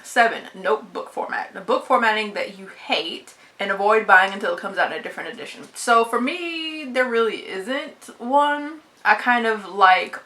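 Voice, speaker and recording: A woman's voice: mid-range voice, expressive, normal speed, hardly any pauses, sharp tone. A woman book vlogger talking casually and bluntly, swearing freely and laughing often. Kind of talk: casual book tag vlog.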